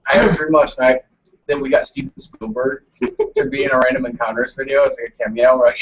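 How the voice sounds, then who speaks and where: A man's voice: medium pitch, steady tone, fast, distant mic. A man telling stories and teasing his friends on a casual live stream. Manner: joking, storytelling, teasing. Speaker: show regular. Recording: lo-fi audio, voice off-mic.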